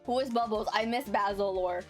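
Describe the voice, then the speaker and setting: A woman streamer giving casual gaming commentary with quick, excitable reactions. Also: medium pitch, soft background music.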